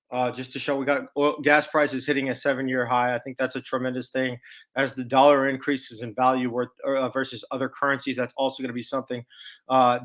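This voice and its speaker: A man's voice: medium pitch, a bit bright. A middle-aged man with a Texas accent giving chatty, folksy stock market commentary over a screen share, with salesy asides and restarts. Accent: Texan.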